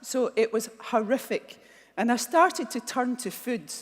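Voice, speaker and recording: A middle-aged Scottish woman giving a keynote speech, telling blunt, animated stories and acting out the dialogue. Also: a little high, measured pace. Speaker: keynote speaker. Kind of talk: motivational keynote storytelling. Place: large conference hall. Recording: long hall reverb.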